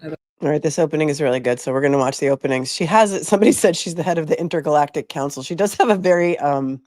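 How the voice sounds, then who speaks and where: A woman host gives lively, opinionated commentary on a hearing while her voice sounds worn from illness. She is close to the mic in a dry, dead room with no echo. Her talk is casual and chatty. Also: deep voice, quick pace. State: sick-sounding voice. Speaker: attorney and show host. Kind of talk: live commentary on court video.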